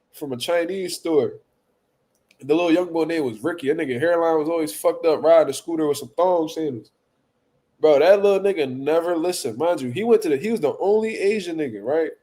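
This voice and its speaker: A male boxing talk show host spins profane comic stories in a loose, animated way, repeating himself and laughing. His voice sits a touch higher than most men's. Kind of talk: casual comedic storytelling.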